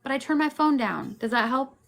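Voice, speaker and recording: A woman hosting a casual group livestream, talking loudly and joking, her phone set far back. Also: sits high, lively intonation, a little fast, gravelly. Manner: loud-talking, jokey. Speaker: livestream host.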